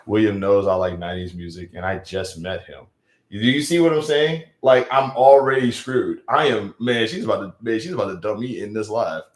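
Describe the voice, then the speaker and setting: A man's voice: on the low side, expressive, fairly quick. A man chatting casually on a live stream who reads out viewers' comments and rambles with self-mocking jokes. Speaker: live streamer reading chat. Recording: echoey room.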